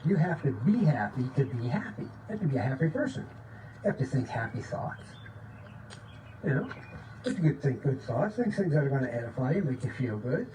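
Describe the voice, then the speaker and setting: Excited man preaching from a distant mic. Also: fairly quick, lo-fi sound. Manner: excited, repeats "okay?" often, drops to a low voice for demonstrations. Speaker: spiritual teacher. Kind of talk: informal recorded spiritual talk. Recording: distant mic with faint background noise.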